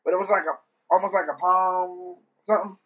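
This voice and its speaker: A man's voice: high voice, little pitch movement, brisk, sharp tone, breathy edge. A man who sings gospel, telling funny stories in casual chat, laughing often and mimicking voices. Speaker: gospel singer.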